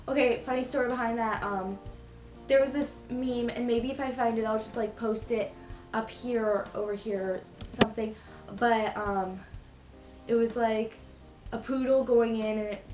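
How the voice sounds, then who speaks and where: A young woman with a fairly high voice rambles through a story to her camera, stacking fillers and correcting herself as she goes. Her voice rings in an echoey room while faint music plays underneath. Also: steady tone, normal speed, a little mellow. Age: young adult. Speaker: vlogger. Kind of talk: casual storytelling.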